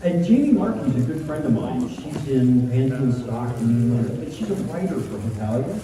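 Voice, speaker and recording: A man's voice: medium pitch, normal speed. Middle-aged guy telling funny stories at a con panel, voice jumps all over, big echoey hall, picked up from far back with crowd noise. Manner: animated, acts out voices in his stories. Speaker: convention panelist. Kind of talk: comic storytelling to a crowd. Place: large convention panel room. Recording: echoey hall, distant mic, room noise.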